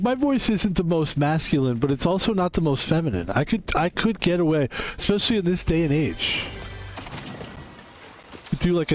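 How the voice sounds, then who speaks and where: A man's voice: fairly high pitch, slight background noise. A young adult man streaming a game, chatting casually in a rambling, joking way with plenty of swearing. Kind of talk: casual gaming stream chat.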